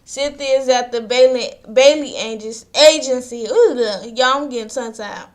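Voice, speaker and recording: A high-voiced woman, chatting through a reality show recap. She talks loosely and slangily and slips into quoted voices as she retells the scenes. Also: moderate pace. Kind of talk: casual episode recap.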